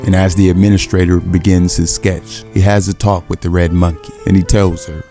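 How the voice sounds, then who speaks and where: A man's voice: low voice, flat delivery, brisk, hardly any pauses, mellow, soft background music. A man narrating a comic recap in a casual, slangy, offhand way.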